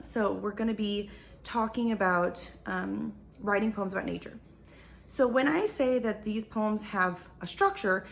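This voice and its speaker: A young woman teacher giving a recorded lesson to second graders, patient and slow, sounding out words syllable by syllable. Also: mid-range voice, creaky, slight background noise.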